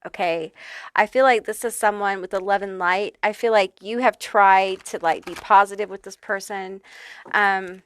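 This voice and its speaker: A woman's voice: medium pitch, steady tone, normal speed, smooth. Chatty, foul-mouthed woman reading tarot. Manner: chatty and profane, many fillers and check-in okays. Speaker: tarot reader. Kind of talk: casual pick-a-card tarot reading.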